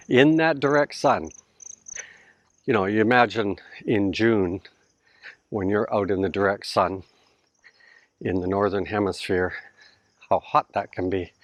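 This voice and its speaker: Here a middle-aged Canadian vlogger with a fairly low voice chats casually and laughs a lot while addressing viewers from a house build site in the Philippines. He speaks Canadian English, and the recording is dry.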